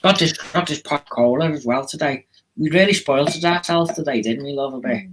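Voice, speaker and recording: Rambling man, slightly high. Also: fairly quick, a bit bright, a little hiss or hum, low-quality recording. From Liverpool. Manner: friendly, rambling, with many ums. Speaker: live stream host. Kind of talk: casual chat.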